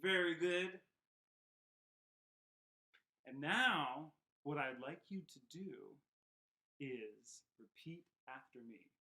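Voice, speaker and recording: A man teaching a children's puppet and sing-along lesson at home, speaking gently and encouragingly. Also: on the high side, lively intonation, drawn-out words, long pauses. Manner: gentle, encouraging, talks to kids. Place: home room.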